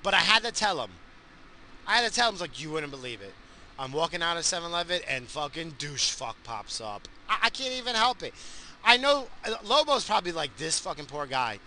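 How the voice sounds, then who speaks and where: A man in his forties ranting crudely from inside his car, yelling now and then at other drivers. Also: a little high, expressive, brisk, slight background noise. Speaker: vlogger. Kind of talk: casual profane rant.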